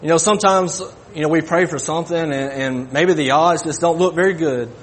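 A man preaching a sermon, halting and folksy, often repeating his words. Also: fairly high pitch, slight background noise.

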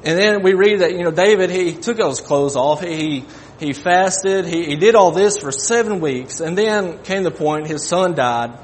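A man preaching a sermon, halting and folksy, often repeating his words. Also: high-pitched, a little hiss or hum.

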